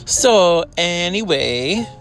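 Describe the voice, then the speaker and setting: A woman's voice: fairly low pitch, lively intonation, drawn-out words, loud music behind the voice. A woman podcast host talking casually and at length, filling with ums, recording in her parked car on a phone. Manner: rambling, chatty, filler-heavy. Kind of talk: casual solo update.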